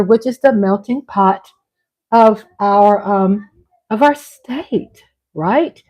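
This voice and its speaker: A woman with a Southern drawl chats casually on her vlog stream. Her voice sits at an ordinary middle pitch, and she talks in a playful, rambling way, laughing and teasing as she goes. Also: slow pace, a little mellow. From Texas. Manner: chatty, laughs often, playful asides to her husband. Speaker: vlog host. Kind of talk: casual livestream chat.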